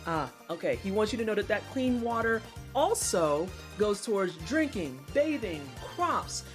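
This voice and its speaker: Brief: lively, foul-mouthed streamer, muttering then shouting, wide expressive pitch. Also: moderate pace, faint music behind. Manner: animated, swears a lot, jokes and laughs; swings between mutters and loud outbursts. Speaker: livestreamer. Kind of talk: casual gaming stream commentary.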